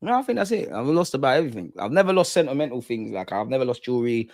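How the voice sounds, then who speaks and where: A young man with a London accent talks loosely on a live stream, full of street slang and easy laughs. His voice sits at a middling pitch, recorded close and dry with no room sound. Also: sing-song, racing, darkish tone, dry recording. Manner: slangy, chatty, laughs a lot. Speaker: livestream host. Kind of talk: casual live chat reading viewer comments.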